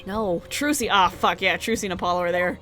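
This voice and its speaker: A woman streaming a game, reacting loudly, swearing and reading lines aloud. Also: fairly low pitch, brisk, music in the background. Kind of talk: casual game playthrough commentary.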